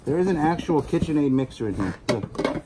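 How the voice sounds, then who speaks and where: A man's voice: a little high, expressive, brisk, background noise. A man vlogging casually from inside a storage unit, joking as he sorts through finds. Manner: joking, playful. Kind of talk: casual chat while unboxing.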